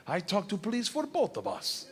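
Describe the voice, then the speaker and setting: Comedian doing a gruff gangster. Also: male voice, sits high, very animated, moderate pace, pitched above the performer's own voice. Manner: gruff, blunt, broken English. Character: big brash Russian gangster man. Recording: roomy stage with audience noise.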